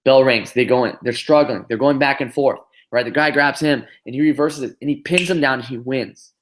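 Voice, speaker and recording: A man speaks at an everyday middle pitch as a business trainer on a group call. He tells a long motivational story in an animated way. He keeps it going with fillers and quick tag questions.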